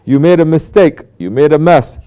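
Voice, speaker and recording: A man's voice: fairly high pitch, expressive, normal speed, dark tone. A man teaching a spiritual talk as a Sufi teacher, emphatic and full of rhetorical questions. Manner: rhetorical questions, emphatic, mocking quoted apologies. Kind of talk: sermon.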